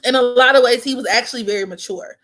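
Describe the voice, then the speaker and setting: Bright-voiced woman telling a story. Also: a little high, fast. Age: 20s. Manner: animated, profane, slangy storytelling. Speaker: vlogger. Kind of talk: casual storytime chat.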